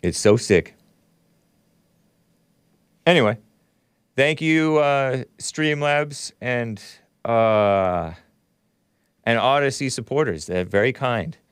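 A man's voice: mid-range voice, slow pace, long pauses, clean tone, no echo, clean studio sound. A man hosting a livestream show, reading viewer chats aloud and giving blunt, opinionated commentary as he thinks aloud.

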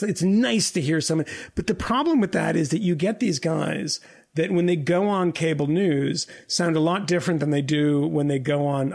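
This gravelly, fairly high-pitched man co-hosts a podcast and rants about politics with heat and plenty of swearing, slipping in mocking impressions of others.

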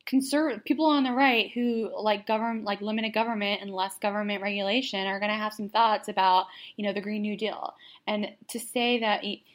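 A woman co-hosting a casual political chat podcast, talking emphatically with lots of "like" fillers. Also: medium pitch. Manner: emphatic, filler-heavy with frequent "like". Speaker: podcast co-host.

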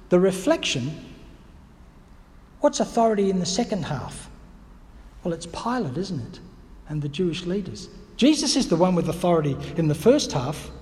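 High-voiced man preaching in a reverberant hall. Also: darkish tone. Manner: reflective, teacherly, with restarts and rhetorical questions. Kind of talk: sermon.

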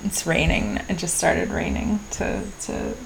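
A woman hosting a podcast, talking through a personal diary entry in a slow, introspective way with pauses and restarts. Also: on the low side, fairly even intonation, gravelly, a little hiss or hum. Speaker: podcast host. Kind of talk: reflective personal diary monologue.

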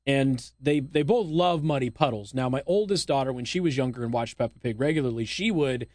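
A man's voice: medium pitch, no room sound. A man hosting a talk radio show, chatting casually into a studio microphone with friendly asides and small laughs. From United States.

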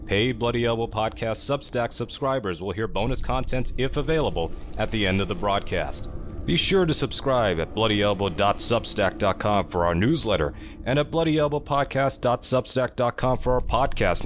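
A man reading a scripted podcast intro announcement in a smooth, measured way. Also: fairly low pitch, slight background noise. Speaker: show announcer.

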